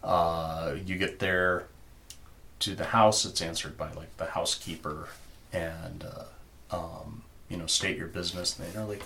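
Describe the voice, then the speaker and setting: A man's voice: low voice, fairly even intonation, a little slow, bright, forceful tone, a little hiss or hum. A man narrating as game master in a tabletop game, loose and chatty. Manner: loose and chatty, many fillers.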